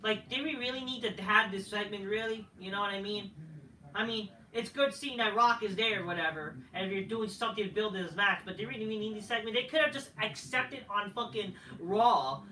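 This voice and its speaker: A man's voice: high voice, a little fast, bright, forceful tone, slight background noise. A man reviewing a wrestling show in a heated, mocking, profanity-filled rant. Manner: heated, swears constantly, mocking. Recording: roomy and distant from the mic.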